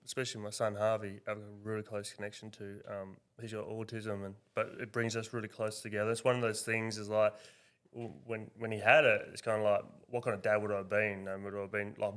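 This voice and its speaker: Rambling male podcast host. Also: fairly low pitch. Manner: rambling questions with many restarts. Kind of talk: casual interview chat.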